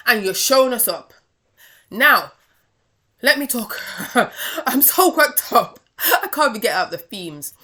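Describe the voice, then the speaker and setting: A woman hosting a wrestling review podcast, talking in an exasperated, animated, chatty way. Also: fairly high pitch. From Britain. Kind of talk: casual review rant.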